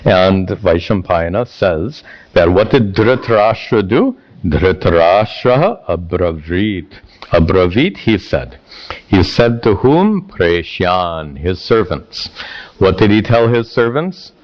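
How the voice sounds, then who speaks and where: A man teaching a scripture class, speaking haltingly with repeated words and chanting verses slowly. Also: low-pitched, animated, highs cut off.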